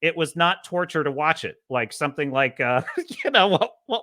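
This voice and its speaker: Podcast host, young man, lively casual film critique, bright forward tone. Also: normal speed, no echo, studio quality. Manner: animated, rises high when quoting. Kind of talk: casual movie review.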